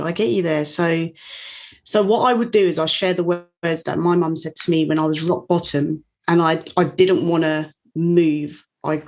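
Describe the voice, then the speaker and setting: A woman speaking as an interview guest, telling a personal story in a candid, open way. Her delivery is warm and unguarded, with soft laughs slipping in between phrases. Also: low-pitched. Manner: warm, open, frequent light laughs while recounting. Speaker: guest, coach.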